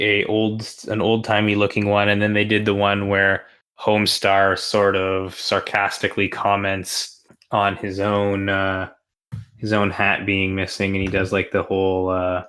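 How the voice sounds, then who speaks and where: A man's voice: on the low side, completely flat delivery, moderate pace, fairly bright tone. A man co-hosting a podcast in casual chat, rambling with many fillers, laughing often. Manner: rambling, laughs often, quotes cartoon lines in put-on voices. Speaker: podcast co-host.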